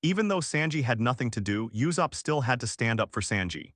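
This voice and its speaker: A male text-to-speech voice narrating a fantasy novel audiobook with a flat, even delivery. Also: medium pitch, brisk, dry recording, studio quality. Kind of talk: machine-read novel narration.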